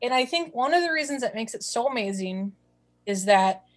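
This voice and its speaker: A woman's voice: a little high, lively intonation, brisk. Woman, podcast co-host, casual chat, enthusiastic, repeats words. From southeastern Wisconsin.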